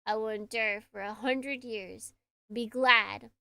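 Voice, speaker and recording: A woman's voice: on the high side, steady tone, slow pace, vocal fry, sharp tone, clean tone, no room sound, exaggerated voice. A woman voicing a haughty male American officer with a put-on Southern accent, reading game dialogue in a cold, formal, lecturing manner. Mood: solemn.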